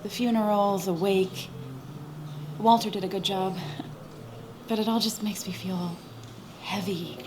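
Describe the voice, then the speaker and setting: A woman's voice: medium pitch, fairly even intonation, a little slow, long pauses, background noise, lightly acted. A woman voicing a grieving young woman in a video game, weary and emotional. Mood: sad. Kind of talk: game voice acting.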